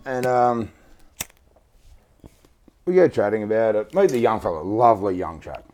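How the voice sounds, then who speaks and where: A man's voice: lowish voice, big pitch swings, normal speed, darkish tone. A young man telling a rowdy story in casual chat, swearing often and laughing as he goes. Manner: laid-back, swears a lot, laughs through his story.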